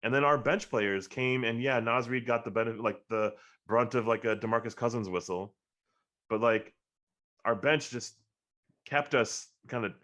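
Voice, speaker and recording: A man's voice: medium pitch, moderate pace. A man co-hosting a casual sports talk show, rambling and getting emphatic when frustrated. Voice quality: monotone. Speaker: podcast co-host.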